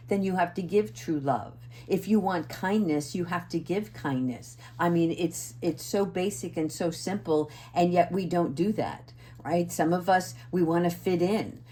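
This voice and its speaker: Earnest, gentle woman with a lowish voice. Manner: earnest, gentle, often asks "right?"; assertive. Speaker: spiritual oracle card reader. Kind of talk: casual spiritual talk to viewers.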